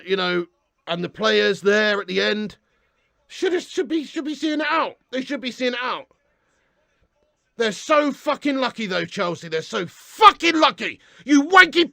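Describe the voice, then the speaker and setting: A young man in a furious, heavily sweary ranting reaction video, often shouting as he addresses his viewers. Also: very high voice, gravelly, dry recording, studio quality. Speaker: fan reaction host.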